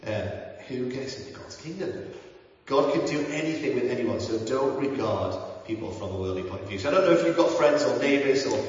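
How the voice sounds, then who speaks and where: A man preaching a sermon in an earnest, conversational way, with frequent ums and restarts. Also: mid-range voice. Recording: roomy, echoey hall, mic at a distance, dull sound.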